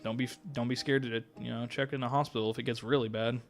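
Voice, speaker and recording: A male streamer talking casually over a live game, self-mocking and quick to laugh, with an everyday middle-pitched voice. Soft music sits faintly underneath. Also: fairly even intonation.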